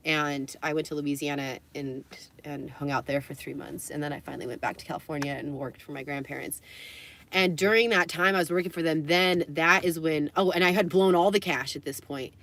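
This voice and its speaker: A woman's voice: low voice, fairly bright tone. A young adult woman livestreaming, telling a personal story in a candid, rambling way, swearing and laughing between phrases.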